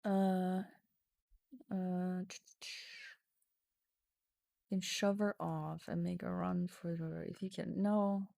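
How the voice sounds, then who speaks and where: A woman's voice: on the low side, flat delivery, takes it slowly, creaky, long pauses, warm tone, dry recording, studio quality. A woman streaming a text adventure game, reading the story aloud with casual swearing and sudden drops into whispers.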